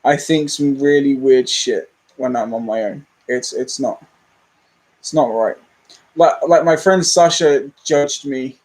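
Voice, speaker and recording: A man's voice: medium pitch, measured pace, a little mellow, low-quality recording. A young man, rambling candidly and self-deprecatingly as a movie channel host in a casual livestream chat.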